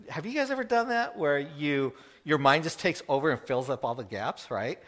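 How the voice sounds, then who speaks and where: A middle-aged man preaching, telling a personal story in an earnest, emotional way, with laughs and pauses. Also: on the high side, lively intonation, a bit bright. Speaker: pastor.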